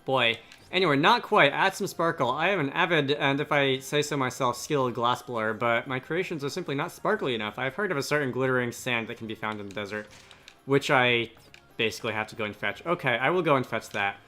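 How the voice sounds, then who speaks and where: A man's voice: medium pitch, expressive, fairly quick, pushed and bright, soft background music. A man giving casual, rambling gameplay commentary as a let's play host, often correcting himself mid-sentence.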